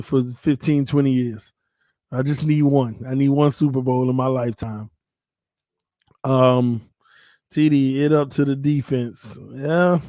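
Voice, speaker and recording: A man's voice: mid-range voice, a little mellow, no echo, studio quality. A man hosting a fan channel livestream in casual chat, a little tipsy, playful and rambling, laughing often.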